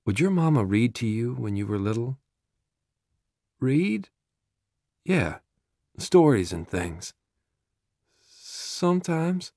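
A man voicing a calm, gentle stranger who talks quietly and unhurriedly to an armed man. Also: medium pitch, takes it slowly, pauses often, no room sound, studio quality, heavily acted.

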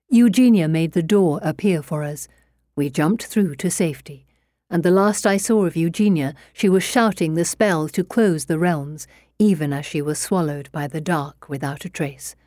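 A woman narrating an audiobook in an expressive storytelling way. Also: low-pitched, no echo, clean studio sound.

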